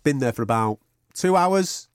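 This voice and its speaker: A man's voice: mid-range voice, expressive, moderate pace, clean tone, no echo, clean studio sound. A man co-hosting a podcast, telling a long anecdote in casual, sweary banter. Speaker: podcast co-host.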